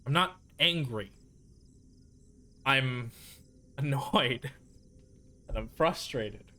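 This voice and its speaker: A man's voice: medium pitch, animated, very slow, sharp tone. A man streaming a game, chatting casually and muttering to himself through his frustration. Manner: frustrated, self-soothing muttering between bursts. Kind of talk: casual gaming stream commentary.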